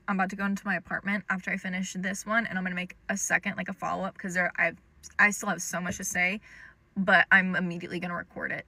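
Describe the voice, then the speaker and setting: A young woman with a bright, clear voice tells a personal story straight to the camera. She talks in a loose, chatty way, with lots of "um" and "like" as she goes. The sound is close and dry, with no room echo. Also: fairly low pitch. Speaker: storytime creator. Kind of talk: casual storytime monologue.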